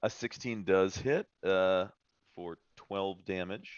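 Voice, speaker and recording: A man narrating a tabletop game as game master, halting with fillers and restarts as he describes the scene. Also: low-pitched, smooth, no room sound. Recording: dull, lo-fi stream audio.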